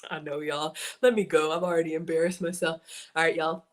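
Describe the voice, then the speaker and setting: A woman's voice: deep voice, little pitch movement, a little fast. Woman in her 40s, chatty livestream host, says y'all a lot, kinda winded. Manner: chatty, folksy, addresses viewers as y'all. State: out of breath. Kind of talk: casual livestream chat.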